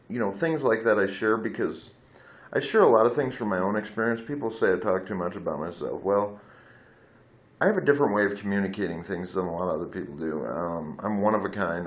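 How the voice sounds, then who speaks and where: Blunt low-voiced man rambling at a phone. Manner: candid, blunt, swears freely, digressive. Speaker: vlogger. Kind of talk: rambling personal storytelling. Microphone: phone camera.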